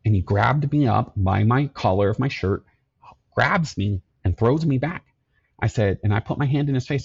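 A middle-aged man, a podcast guest, telling his life story in an earnest, halting way, often repeating himself. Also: mid-range voice, animated, creaky, breathy edge, dull audio. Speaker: podcast guest, security company owner.

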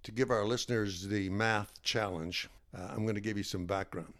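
A man's voice: lowish voice, steady tone, moderate pace, fairly bright tone. Man chiming in with wry remarks. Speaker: podcast co-host. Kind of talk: casual chat.

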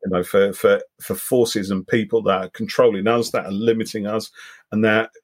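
Husky man musing over a film. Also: lowish voice, level tone, moderate pace. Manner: reflective, rambling with restarts. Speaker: podcast co-host. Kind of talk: casual film-discussion chat.

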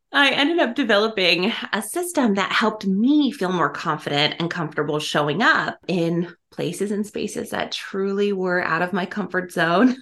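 A woman's voice: medium pitch, a bit bright. A woman being interviewed as a podcast guest. She talks in an effusive, casual way and laughs often.

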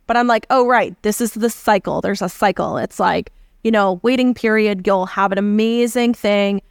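A woman talks through a solo podcast episode in an earnest, conversational coaching manner. Her voice sits at an ordinary middle pitch. The sound is dry and close, with no room around it. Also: vocal fry, no echo. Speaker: podcast host.

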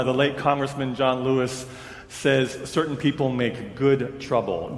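A male pastor telling a personal story during a sermon, in a conversational storytelling way. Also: mid-range voice. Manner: conversational storyteller, voices others' lines in quotes. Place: church sanctuary. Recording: roomy church with long reverb.

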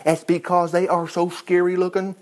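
A man preaching a sermon in an animated way, dropping to quiet asides and rising loud when he acts out quoted voices. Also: high voice, moderate pace. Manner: animated, jumps between hushed asides and loud exclaims.

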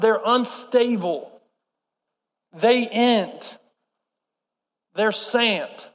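Male preacher, high-pitched, passionate sermon delivery, recorded in a reverberant hall. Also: extremely slow, pauses often. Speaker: pastor.

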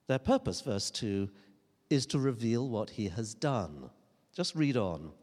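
Animated preacher in a reverberant church. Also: male voice, mid-range voice, a little slow. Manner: earnest, emphatic preaching with rhetorical questions and dry humor. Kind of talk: sermon.

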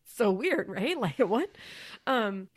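A woman's voice: on the high side, a little mellow, no room sound, clean studio sound. A woman in her thirties co-hosting a podcast in casual chat, who laughs often and trails off and restarts her sentences. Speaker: podcast co-host.

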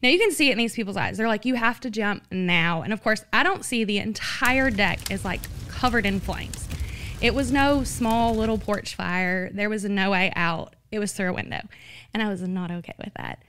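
Bright-voiced woman sharing her story. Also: mid-range voice, moderate pace, clear, resonant tone. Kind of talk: personal testimony.

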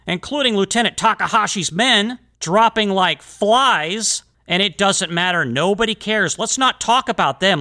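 Angry male podcast host, high and bright, sarcastic and shouting. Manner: ranting, yelling, sarcastic. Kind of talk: angry political monologue. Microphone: studio microphone.

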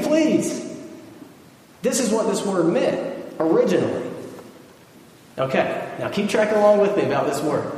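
Southern pastor preaching in an echoey hall. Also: male voice, high-pitched, a little mellow. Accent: Southern American. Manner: conversational teaching, checks in with listeners. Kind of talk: sermon. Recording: distant mic in echoey hall.

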